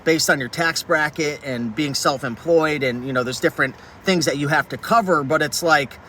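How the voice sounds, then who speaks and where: A man's voice: on the high side, moderate pace, sharp tone. A man ranting passionately to camera about reselling, talking with many "like"s, recorded in a vehicle with faint traffic noise. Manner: fired-up, passionate rant with many "like"s. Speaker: reselling YouTuber. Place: inside a vehicle.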